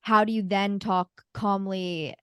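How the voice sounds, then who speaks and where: Young woman host, smooth clear voice, says like a lot, dry mic. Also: mid-range voice, steady tone, takes it slowly, dry recording. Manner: uses lots of likes, asks probing questions. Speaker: podcast host. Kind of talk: casual interview chat.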